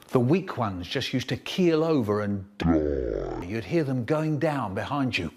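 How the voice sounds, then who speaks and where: A man performing comic stories for an audience, playful and animated, with sound effects along the way. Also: medium pitch, normal speed. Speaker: storyteller.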